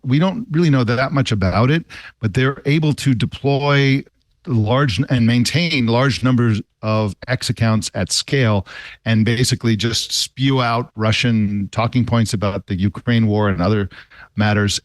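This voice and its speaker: A man's voice: on the low side, no room sound. Discursive male tech panelist. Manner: thoughtful, discursive, with restarts and historical tangents. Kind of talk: casual tech talk show discussion.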